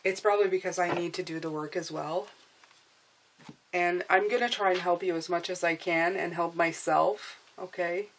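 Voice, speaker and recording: Earnest low-voiced tarot reader woman. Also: steady tone, moderate pace, a little hiss or hum. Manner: earnest, repeats "okay?" and "you guys"; emotional, coaxing. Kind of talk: spiritual tarot reading to camera.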